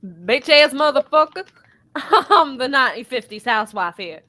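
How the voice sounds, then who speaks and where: A British woman in casual chat, loud and theatrical, swearing and laughing often. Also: sits high, lively intonation, moderate pace. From Britain. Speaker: show co-host.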